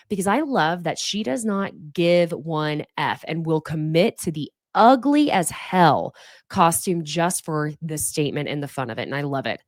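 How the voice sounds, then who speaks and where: Woman podcast host, low-ish voice with lively swings, sarcastic and foul-mouthed, dry close mic. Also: no room sound. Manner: sarcastic, swears freely, mocks cast members in put-on voices. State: fighting off sneezes. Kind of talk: casual reality TV recap.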